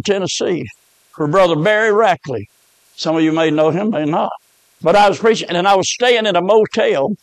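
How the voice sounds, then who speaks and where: A man's voice: high voice, no room sound, poor audio. A man, preaching a revival sermon with fervent storytelling. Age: 70s.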